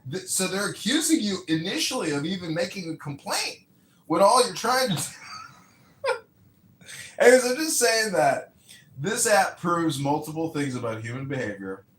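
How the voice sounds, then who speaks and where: Man, casual rambling storyteller, swears freely, very animated pitch, echoey room. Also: unhurried. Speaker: mayoral candidate and podcast host. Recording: roomy echo with faint ambient noise.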